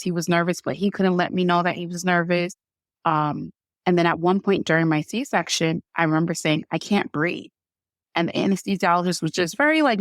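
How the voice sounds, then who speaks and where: A woman with a lowish voice recounts her birth experience in loose, conversational storytelling, full of fillers and quoted lines she acts out. The sound is dry and close, with no room around her. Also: dry recording. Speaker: podcast guest sharing her birth story. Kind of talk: emotional personal storytelling.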